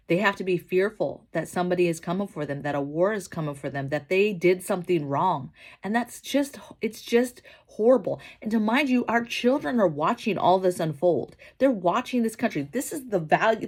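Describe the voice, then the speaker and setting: A woman vlogging about home preparedness, talking casually and emphatically, often tagging her points with "right?". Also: on the low side. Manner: emphatic, keeps asking "right?". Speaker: prepping vlogger. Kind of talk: casual opinion vlog.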